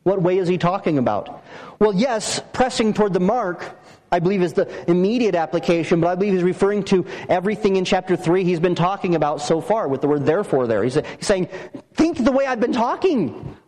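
A man with a high voice preaches an expository sermon, emphatic and animated, throwing out rhetorical questions. His voice rings with a long reverb, as in a church sanctuary. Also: fairly quick. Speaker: pastor.

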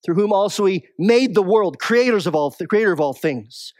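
A man preaching a sermon as pastor, moving between raised, urgent passages and quiet, low, drawn-out ones. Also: lively intonation, no echo, studio quality.

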